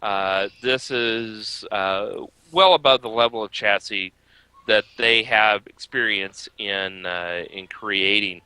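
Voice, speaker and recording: A man co-hosting a motorsport podcast, talking casually with many filler pauses. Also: on the low side, bright, forceful tone, clean tone, no echo, low-quality recording. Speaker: podcast co-host. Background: baby crying.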